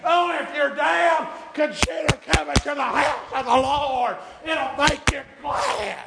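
A man preaching a sermon in a church, shouting in a chanting preaching cadence. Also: very high voice, slow pace, vocal fry, a loud crowd, heavy background noise. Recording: echoey church room.

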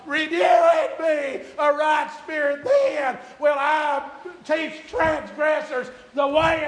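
Shouting preacher man, high and bright. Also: slight background noise. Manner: shouting, chanting preaching cadence. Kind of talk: sermon. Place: church. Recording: echoey church room.

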